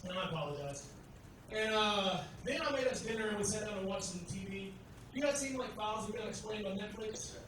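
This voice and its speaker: High-voiced guy from tennessee doing crude standup, far from the mic in a super echoey club. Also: lively intonation, fairly quick, a bit bright, a little hiss or hum. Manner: crude, brash punchlines with crowd asides. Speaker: stand-up comedian. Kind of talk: stand-up comedy set. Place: comedy club stage.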